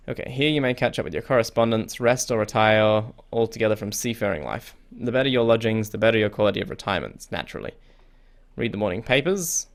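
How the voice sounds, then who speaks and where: A man's voice: lowish voice, creaky. A young man hosting a casual let's play, reading the game's text aloud and reacting in a chatty way. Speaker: gaming video host. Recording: faint game music behind.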